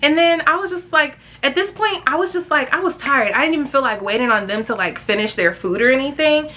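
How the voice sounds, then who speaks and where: A young woman telling a girls' trip story to her viewers in casual vlog style, animated and chatty. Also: a little fast. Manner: chatty, animated, jumps high when quoting friends. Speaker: storytime vlogger.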